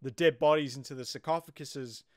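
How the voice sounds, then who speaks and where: A man's voice: mid-range voice, fairly even intonation, a little fast, dry recording, studio quality. A man with a New Zealand accent giving a casual, rambling episode review, full of "you know" fillers. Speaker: TV show reviewer.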